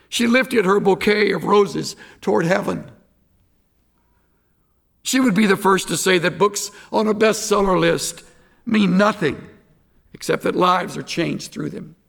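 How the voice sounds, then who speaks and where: Male devotional reader, slightly high voice with some fry, solemn and pleading. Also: a bit bright. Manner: earnest, pleading. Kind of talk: devotional reading and altar call.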